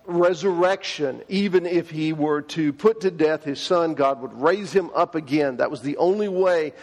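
A man's voice: on the high side, normal speed, a little mellow, long reverb tail. A man preaching a sermon, telling the story in a folksy way with paraphrased dialogue, recorded in a church sanctuary. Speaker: pastor.

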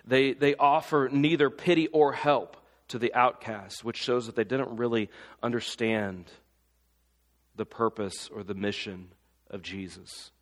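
A man's voice: medium pitch, unhurried. Impassioned preacher man in reverberant hall. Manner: impassioned preaching with rhetorical questions. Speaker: pastor. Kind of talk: sermon.

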